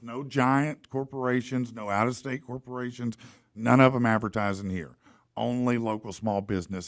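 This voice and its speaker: A man hosting a podcast, telling a story in a casual, animated way and reading ads for sponsors. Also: lowish voice. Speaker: podcast host. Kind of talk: casual storytelling and live ad read.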